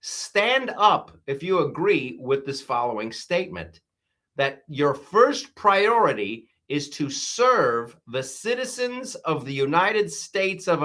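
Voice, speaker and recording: A man's voice: a little high, a bit bright, exaggerated voice. A man doing an emphatic older politician impression.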